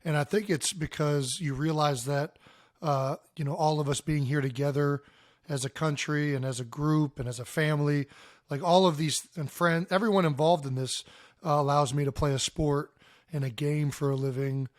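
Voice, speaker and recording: A man's voice: on the high side, fairly even intonation, no room sound, studio quality. A man in his thirties, a podcast co-host speaking thoughtfully in casual talk. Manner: thoughtful, measured. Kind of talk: casual chat.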